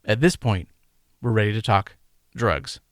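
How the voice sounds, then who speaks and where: A man hosting a medical teaching podcast, delivering a scripted lecture in a measured, emphatic way and counting out rhythms aloud. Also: lowish voice, no echo, clean studio sound. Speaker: podcast host and medical educator.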